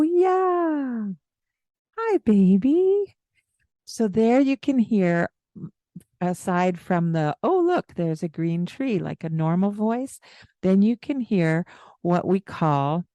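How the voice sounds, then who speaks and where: A woman co-hosting a parenting podcast, explaining things calmly in casual chat. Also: dry recording. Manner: explains calmly, demonstrates baby talk with high sing-song bits.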